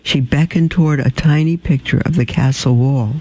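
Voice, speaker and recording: A man reading a storybook aloud in a measured, unhurried way, with small slips and some throat clearing. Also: medium pitch, darkish tone, no echo, poor audio.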